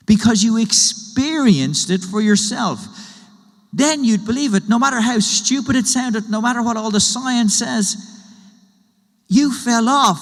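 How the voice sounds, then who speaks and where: A man's voice: very high-pitched, big-room sound. A man preaching a sermon in a conversational way, building his point through everyday illustrations and questions. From Ireland. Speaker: pastor.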